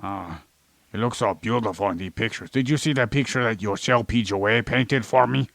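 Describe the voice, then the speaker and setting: Playing an alien persona without changing his normal voice, this podcast co-host swears a lot while ranting and lecturing on science in a rambling comedic chat. He sounds gravelly and a bit bright, low-ish at normal speed, with no echo.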